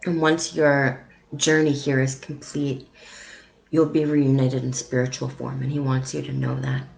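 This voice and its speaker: A woman psychic medium giving a live-streamed reading in a soft, halting delivery with frequent pauses and ums. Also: extremely low pitch, flat delivery, gravelly, rough recording.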